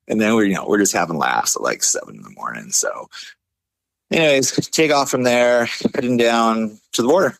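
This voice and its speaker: A man telling a story casually, laid-back, full of fillers, acting out quotes in a higher voice. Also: a little fast, gravelly, no echo. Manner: animated, acts out quotes in a higher voice. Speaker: podcast guest.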